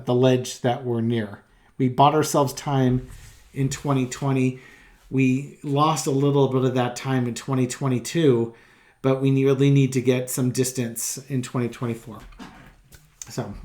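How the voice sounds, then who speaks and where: A man's voice: medium pitch, a little mellow. A man hosting his own tarot channel, talking in a casual, offhand way, laughing between remarks and repeating his points for emphasis. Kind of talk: casual spoken commentary.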